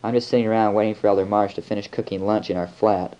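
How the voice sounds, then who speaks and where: A man's voice: on the low side, steady tone, quick pace, warm tone. A young American man, a missionary, rambling easily through a spoken audio letter on an old home tape. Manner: easygoing, rambling, chatty. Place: missionaries' flat. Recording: lo-fi home tape with faint hiss.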